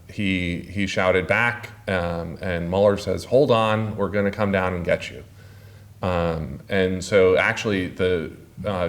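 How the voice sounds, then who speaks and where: A man giving a public talk as an author, speaking haltingly with many filler sounds. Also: low voice. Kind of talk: public lecture.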